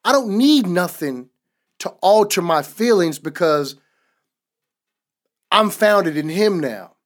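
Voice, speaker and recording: A man's voice: sits high, animated, slow. A man on a podcast giving a casual, emphatic faith testimony in a repetitive, preaching cadence. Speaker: podcast co-host.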